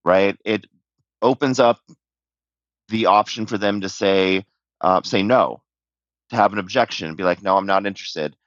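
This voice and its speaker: Low-voiced man on dull, dry remote audio. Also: a little slow, long pauses, fairly bright tone, no room sound. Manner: easygoing, filler-heavy. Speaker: podcast guest, sales staff. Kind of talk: casual podcast chat.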